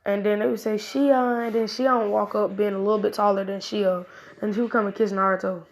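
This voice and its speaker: A woman's voice: medium pitch, level tone, quick pace, creaky. A woman improvising a fan-fiction story aloud, rambling in casual slang with many restarts.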